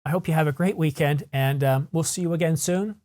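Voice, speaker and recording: A man's voice: on the high side, fairly quick, a little mellow. Frustrated man ranting on a vlog. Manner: frustrated, rambling, self-correcting. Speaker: camera news YouTuber. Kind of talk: solo vlog rant.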